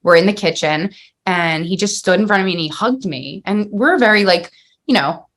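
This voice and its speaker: A woman's voice: lowish voice, moderate pace, fairly bright tone. A woman in her thirties hosting a podcast, telling a personal story in a heartfelt, rambling way with many fillers and restarts. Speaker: podcast host. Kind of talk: casual podcast conversation.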